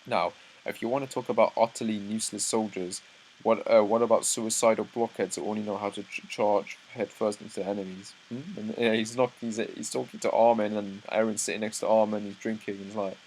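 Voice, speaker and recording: Young male reactor with a low voice who reads panels aloud and trips over words. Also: brisk, slight background noise, rough recording. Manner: reads dialogue aloud, breaks off into excited asides, stumbles and restarts. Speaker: manga reaction host. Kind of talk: live reaction read-through.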